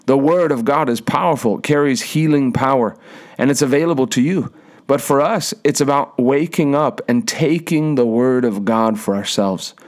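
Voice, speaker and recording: A man's voice: mid-range voice, moderate pace. A young man preaching a sermon, telling a personal story with emphatic repetition and frequent restarts. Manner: emphatic, repeats phrases, restarts words.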